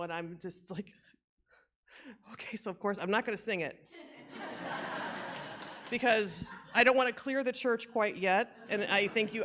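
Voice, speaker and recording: Laughing niece giving a rambling eulogy. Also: female voice, lowish voice, fairly bright tone. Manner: rambling, self-deprecating, laughs often. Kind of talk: informal memorial tribute. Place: church memorial service.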